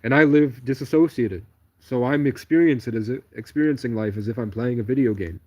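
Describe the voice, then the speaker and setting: A man's voice: medium pitch, fairly quick, warm tone, highs cut off. A man talking alone on a livestream, telling digressive stories in a stream-of-consciousness ramble. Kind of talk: rambling solo livestream monologue.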